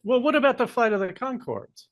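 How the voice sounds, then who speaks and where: Lively questioning male podcast host. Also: very high-pitched, fairly quick, dry recording, dull audio. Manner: curious, asks lots of questions. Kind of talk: casual chat.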